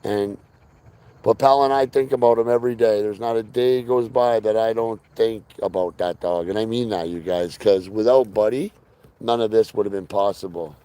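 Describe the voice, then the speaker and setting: A man's voice: on the low side, normal speed, mellow, clear, resonant tone. A man chatting live with his viewers about training his dog, earnest and direct, reading out their names. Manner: earnest, talks to viewers by name. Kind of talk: casual live-stream chat.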